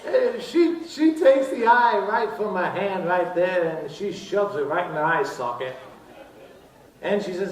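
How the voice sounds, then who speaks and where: A man doing a classic lounge-crooner style trades loose, unhurried jokes from a casino stage. His voice sits a little high and is caught from a distance in a roomy showroom, with faint audience murmur and background noise. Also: lively intonation, a faint crowd. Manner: easygoing crooner patter, drawn-out lazy delivery. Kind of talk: stage stand-up banter between songs.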